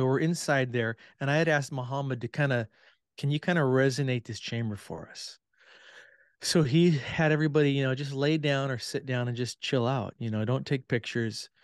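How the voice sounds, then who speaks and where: A man in a casual podcast chat, telling stories in a relaxed way with many fillers. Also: mid-range voice, no room sound, studio quality. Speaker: podcast guest, tour guide.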